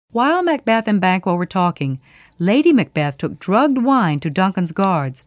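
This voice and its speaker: A woman narrating a storybook in a clear, steady reading voice. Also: mid-range voice, normal speed, no room sound, clean studio sound.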